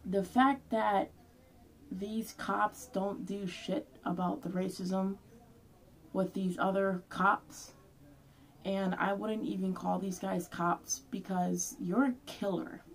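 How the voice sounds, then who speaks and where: A woman's voice: medium pitch, flat delivery, slow pace. Angry young woman ranting, off-mic. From Hispanic background. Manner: angry, heated, swearing. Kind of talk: angry vlog rant. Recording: voice somewhat far from mic.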